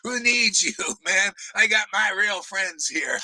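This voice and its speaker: A man teaching a spiritual class outdoors in a desert, delivering a fiery, profane sermon, scolding listeners, often laughing and shouting. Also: sits high, takes it slowly, dry recording, poor audio.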